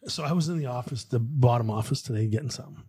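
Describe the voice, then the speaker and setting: A man's voice: mid-range voice, rapid-fire, warm tone, husky, dry recording, studio quality. A man chatting casually, telling a story and acting out the lines of the people in it. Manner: chatty storyteller, acts out dialogue. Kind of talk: casual chat.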